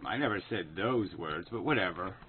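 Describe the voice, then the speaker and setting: A man's voice: low-pitched, expressive, brisk, noisy background. A man recording an angry, profane, sarcastic response video, picking apart another man's claims. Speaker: video commentator. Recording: tinny phone-like sound.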